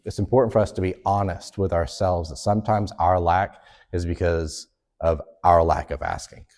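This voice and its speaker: A man's voice: sits low, fairly even intonation, moderate pace, darkish tone. A man teaching a Sunday school lesson in an earnest, conversational way. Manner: earnest, conversational, acts out quoted complaints.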